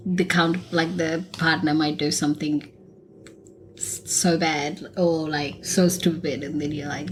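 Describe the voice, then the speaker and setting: A woman's voice: deep voice, fairly even intonation, a little slow, noisy background. A woman co-hosting a podcast in casual chat, talking with many fillers and restarts. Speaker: podcast co-host.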